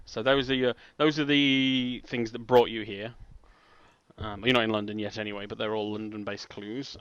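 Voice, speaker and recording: Bright-voiced male game master, halting. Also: mid-range voice, smooth, no echo, muffled recording. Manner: rambling, halting, laughs often. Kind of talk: narrating a tabletop game.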